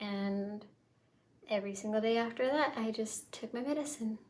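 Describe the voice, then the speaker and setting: A young woman telling her own story in a vlog, soft and halting, with many fillers and restarts. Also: on the high side, a little hiss or hum. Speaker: vlogger.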